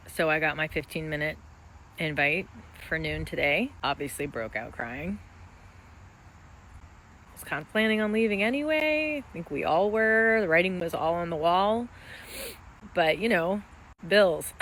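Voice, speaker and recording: A woman's voice: fairly low pitch, expressive, normal speed, a bit bright, a little hiss or hum, low-quality recording. A young woman candidly vlogging about being laid off, frank and wry, swearing freely. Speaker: laid-off office worker vlogging. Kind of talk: candid confessional vlog.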